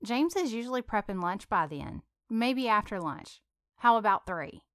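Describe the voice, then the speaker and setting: Woman reading as a shy, flustered young woman, stammering, smooth clear voice, audiobook. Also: medium pitch, animated, normal speed, fairly bright tone, no room sound, clean studio sound, lightly acted. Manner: stammering, hesitant.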